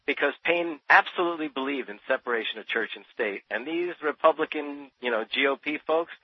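Heard on dull, dry lo-fi radio audio, a New Jersey man who is a Thomas Paine expert speaks as an interview guest. His voice is fairly high, animated, husky and a little fast, with no echo. He's passionate and emphatic, often repeating words as his point builds.

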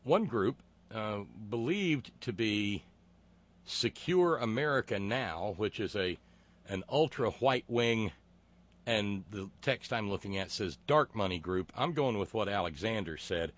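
Sardonic low-voiced male talk host. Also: expressive. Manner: sardonic, mocking, profane; halting, frequent filler words. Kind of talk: political commentary reading listener comments.

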